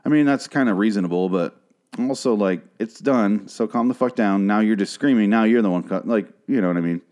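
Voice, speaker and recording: Young male podcast host, casual profane recap rant, rambling, heated, slightly low pitch. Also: fairly quick, darkish tone.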